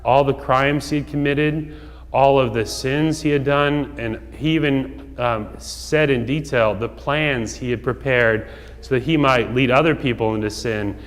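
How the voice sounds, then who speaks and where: A man, a priest, giving a homily in a relaxed storytelling way, with casual asides and fillers. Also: medium pitch, unhurried. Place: church. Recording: long church reverb.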